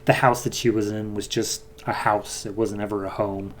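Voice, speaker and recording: A man's voice: lowish voice, flat delivery, moderate pace, fairly bright tone, a little hiss or hum. A man hosting a podcast, recapping a comic book in a loose, chatty way with fillers. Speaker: podcast host.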